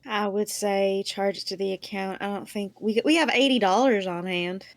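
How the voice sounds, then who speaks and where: A woman's voice: mid-range voice, steady tone, normal speed, no echo. A woman playing a tabletop game, speaking in a practical, matter-of-fact way. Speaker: player. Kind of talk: casual tabletop game talk.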